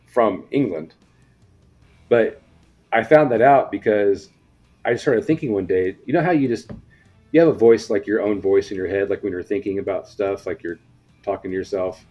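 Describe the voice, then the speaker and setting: Rambling, low-voiced American man. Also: normal speed, warm tone, soft background music. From United States. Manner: rambling, repeats words when starting sentences. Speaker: podcast co-host. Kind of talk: casual podcast chat.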